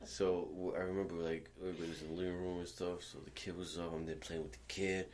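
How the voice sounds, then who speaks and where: Low-voiced man, swearing storyteller, rambling casual chat, faint background hiss. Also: fast talker. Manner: profane, rambling, animated when quoting. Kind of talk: casual storytelling among friends.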